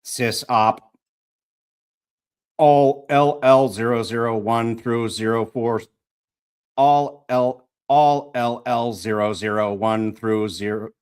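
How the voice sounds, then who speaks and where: A man reading a flat game system announcer. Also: lowish voice, clean tone. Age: 50s. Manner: slow, measured announcements, repeats lines.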